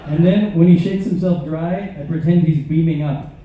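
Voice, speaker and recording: A man's voice: on the high side, steady tone, moderate pace, background noise. A man performing stand-up comedy on stage, telling absurd jokes with hesitant fillers, caught by a camera far from the stage. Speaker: comedian and musician. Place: large ship theater. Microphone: stage mic heard from a distant camera. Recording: echoey, distant, tinny audience recording.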